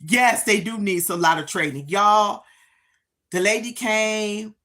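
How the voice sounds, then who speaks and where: A woman hosting a live stream, telling a casual story straight to her viewers with emphatic, drawn-out phrases. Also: mid-range voice, pushed and bright.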